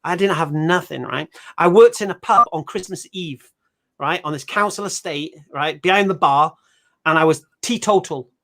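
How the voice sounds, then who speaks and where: A man hosting a livestream discussion, talking in an animated way and telling stories full of voiced quotes. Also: a little high, normal speed. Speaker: host. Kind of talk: livestream debate chat.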